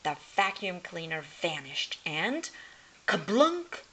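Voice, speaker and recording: A woman reading a humorous picture book aloud as a storyteller, slow and expressive. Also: on the low side, a little hiss or hum, rough recording.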